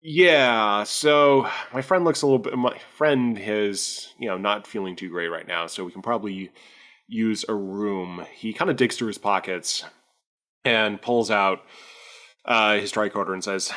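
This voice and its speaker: A man's voice: lowish voice, a little slow, a bit bright. A man playing his character in a tabletop role-playing game, talking hesitantly with many fillers and restarts. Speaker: player.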